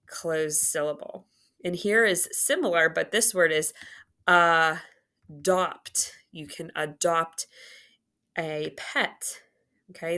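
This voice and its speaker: Speaking in a lowish, somewhat bright voice, a woman patiently works through phonics, sounding out syllables and words with slow, drawn-out delivery.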